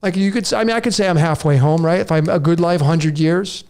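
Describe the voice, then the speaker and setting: A man's voice: on the high side, brisk, a little mellow. A man in his late forties hosting a podcast, delivering a raw, preachy rant straight to his listeners. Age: 40s. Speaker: podcast host. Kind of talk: monologue to listeners.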